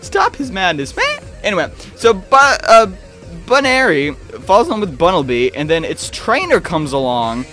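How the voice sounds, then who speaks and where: A man giving a rambling, excitable casual review of a cartoon episode, often restarting his sentences. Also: sits high, normal speed, soft background music.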